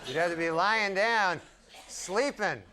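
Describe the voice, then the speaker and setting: A male stand-up comedian with an offhand, rambling, deadpan delivery, performing before a live audience. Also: high-pitched, slow, over a noisy crowd. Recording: loud audience laughter and room noise.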